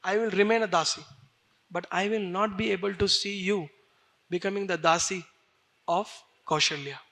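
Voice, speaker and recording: A man's voice: sits high, fairly even intonation, normal speed, bright, forceful tone. Man putting on a wailing old maidservant. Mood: urgent pleading. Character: scheming older maidservant woman, wailing and pleading.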